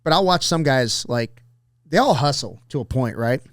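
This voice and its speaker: A man's voice: mid-range voice, expressive, moderate pace, a bit bright, no room sound, studio quality. A man telling rambling, profane anecdotes on a casual podcast.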